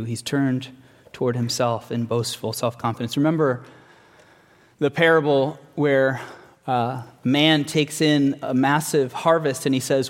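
A man preaching a sermon in an earnest, measured way, slowing down to stress key words. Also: medium pitch, fairly even intonation. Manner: earnest, measured, slows for emphasis. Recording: long hall reverb.

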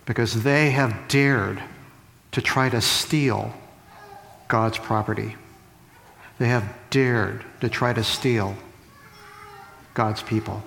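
A man delivering a sermon at an unhurried, deliberate pace, pausing between short phrases. He leans on rhetorical questions and repeats lines for emphasis. His mid-pitched voice carries a long reverb, as if it fills a large hall. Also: vocal fry, a bit bright. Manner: measured preaching with rhetorical questions and emphatic repetition. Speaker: pastor.

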